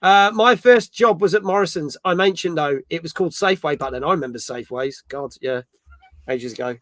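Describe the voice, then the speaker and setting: A man's voice: fairly high pitch, fairly quick, fairly bright tone, no echo. A middle-aged man from Birmingham with a Birmingham accent, hosting a casual gaming chat show. He chats loosely, swears freely and jokes about himself. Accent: Birmingham English. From England. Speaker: podcast host.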